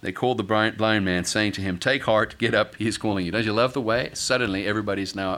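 Man, middle-aged, pastor, dramatic sermon, acts out voices, bright forceful tone, lowish voice. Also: fast, hardly any pauses. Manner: dramatic, acts out quoted voices, rises to shouting peaks.

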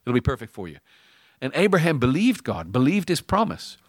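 A man's voice: medium pitch, huge pitch swings, a little fast, no echo, clean studio sound. A middle-aged man preaching a sermon in a conversational way, telling stories and acting out bits of dialogue. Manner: conversational storytelling, acts out dialogue. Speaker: pastor.

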